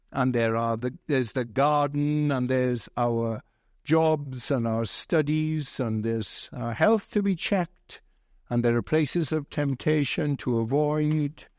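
A man preaching a sermon slowly and deliberately, telling a gentle humorous story along the way. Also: medium pitch, no echo, studio quality.

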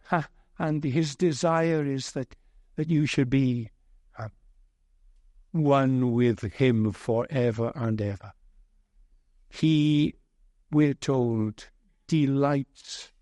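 A man preaching a sermon as pastor, earnest and heavy with repetition and pauses. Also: medium pitch, warm tone, no room sound, clean studio sound.

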